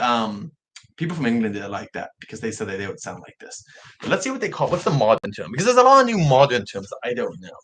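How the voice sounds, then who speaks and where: Young man with soft R's chatting. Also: medium pitch. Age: young adult. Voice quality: soft R's that come out like W's. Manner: rambling, self-correcting talk with frequent restarts. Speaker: livestream vlogger. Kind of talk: casual livestream chat.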